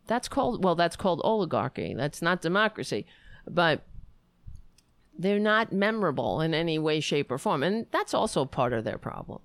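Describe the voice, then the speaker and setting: A woman giving casual political commentary, sarcastic and mocking, now and then putting on high voices to mimic others. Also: sing-song, moderate pace, no echo.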